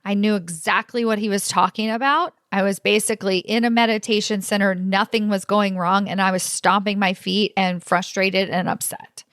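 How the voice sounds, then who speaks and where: A woman in her forties telling a personal story to her audience, animated and expressive. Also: medium pitch, moderate pace, hardly any pauses, clean tone, no echo, clean studio sound. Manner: animated, expressive, laughs often. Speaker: career coach and host.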